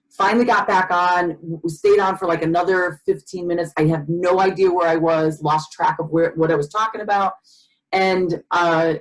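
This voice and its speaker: Host, woman, lower-pitched, animated rambling storyteller. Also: poor audio. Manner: animated storyteller, many fillers and restarts. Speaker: podcast host. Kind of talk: casual conversation.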